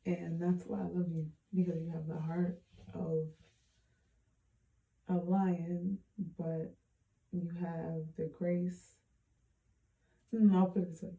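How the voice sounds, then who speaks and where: A woman speaking a heartfelt personal message into her hand-held phone, soft and halting with many pauses, close to tears. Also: on the low side, level tone, creaky, roomy sound, highs cut off. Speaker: vlogger.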